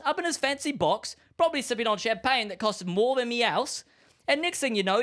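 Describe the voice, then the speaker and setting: Brief: man doing a bloke spinning conspiracy yarns, shaky put-on British accent, lively swooping delivery. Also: very high voice. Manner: spinning a yarn, full of slang and wild comparisons. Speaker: podcast co-host. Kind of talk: comedic scripted rant.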